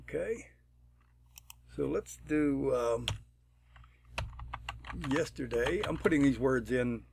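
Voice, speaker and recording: A man talking through a programming tutorial step by step, unhurried and thinking aloud, often clearing his throat. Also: mid-range voice, slight background noise. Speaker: tutorial presenter. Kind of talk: screen-recorded programming tutorial.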